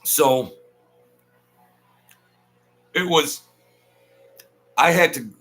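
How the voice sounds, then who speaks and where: A man telling stories in a rambling, animated way, often repeating himself and acting out quoted voices. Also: a little high, very slow. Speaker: host telling stories from mob life. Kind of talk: casual storytelling monologue. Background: lawnmower outside.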